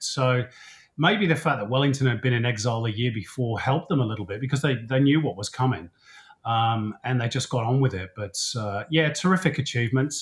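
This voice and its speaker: A man speaking as a football commentator guest, giving relaxed, chatty analysis with many fillers. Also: medium pitch. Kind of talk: casual interview chat.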